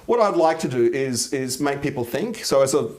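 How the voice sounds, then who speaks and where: A middle-aged man, talking casually as an interview guest, animated and quick to act out quoted voices and laugh. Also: medium pitch.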